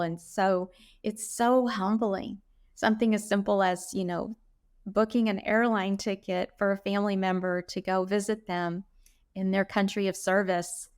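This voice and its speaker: A middle-aged woman giving an earnest, heartfelt faith testimony in an interview, often pausing with "um". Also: mid-range voice, level tone. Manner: earnest, heartfelt, with frequent "um" pauses. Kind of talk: reflective interview answers.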